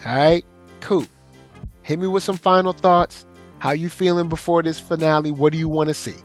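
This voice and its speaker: A man hosting a casual podcast, relaxed and explaining things to his listeners. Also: fairly high pitch, normal speed, soft background music. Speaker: podcast host. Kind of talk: casual chat.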